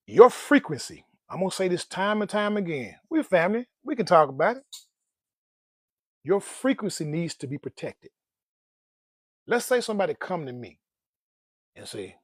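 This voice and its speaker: A man's voice: sits high, sing-song, a little slow, pauses often, dry recording, studio quality. A man giving casual motivational talk about money and life, playful, laughing often and using folksy slang. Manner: folksy slang, calls listeners "man" and "dog". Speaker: personal finance vlogger.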